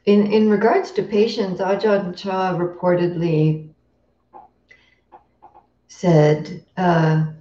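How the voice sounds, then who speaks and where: Woman meditation teacher, unhurried dharma talk, mellow tone, roomy lo-fi recording from a distance. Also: fairly low pitch, level tone. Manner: slow, reflective, pausing with fillers and throat-clearing.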